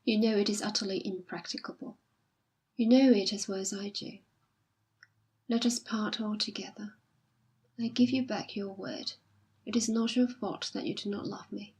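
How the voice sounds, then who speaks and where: A woman reading aloud as a jilted young woman who is quiet, dignified and self-sacrificing. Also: mid-range voice, fairly even intonation, moderate pace, long pauses, breathy edge. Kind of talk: audiobook reading.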